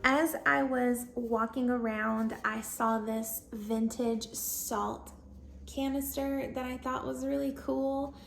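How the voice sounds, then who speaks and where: A woman's voice: on the high side, steady tone, slow, creaky, soft background music. A young woman with a Southern US accent, chatting casually and bubbly in a home decor vlog, laughing often.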